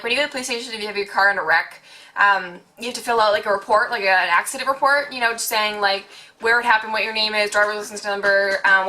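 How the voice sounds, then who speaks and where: Twenties woman, vlogger; animated, gossipy storyteller with a bright, crisp tone. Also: mid-range voice. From Quebec, Canada. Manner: animated, chatty, swears freely, acts out quotes. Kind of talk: casual storytime.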